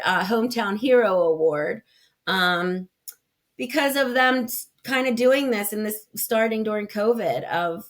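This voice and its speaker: A woman, a podcast guest who runs a community foundation, talks earnestly and in detail. She backtracks often and fills pauses with ums. Her voice sits at an ordinary middle pitch for a woman. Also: a bit bright. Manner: earnest, explains in detail with many fillers and restarts. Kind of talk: casual interview conversation.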